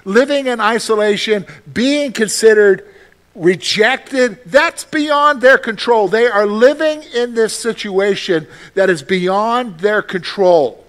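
A man's voice: high-pitched, slow pace, a bit bright. A man preaching a sermon in a conversational way, asking his congregation questions and acting out short voices. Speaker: pastor.

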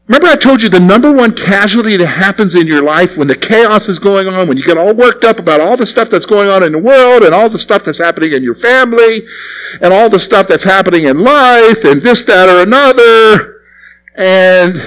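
A man's voice: high-pitched, lively intonation, normal speed, fairly bright tone, low-quality recording. A man preaching a radio sermon in a conversational way, putting questions to his congregation. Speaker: pastor. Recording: recorded sermon broadcast on radio.

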